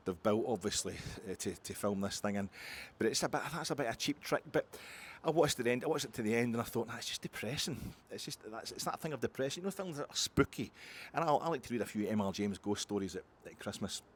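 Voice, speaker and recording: Fast-rambling Scottish man, low voice. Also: a little hiss or hum. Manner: meandering, full of restarts and asides, swears. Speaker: podcast host. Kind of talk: rambling casual monologue.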